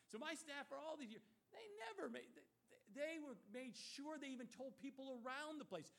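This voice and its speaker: A middle-aged man preaching a sermon as pastor, emphatic, swinging from loud rhetorical questions to hushed warnings. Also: very high voice, animated, moderate pace, vocal fry.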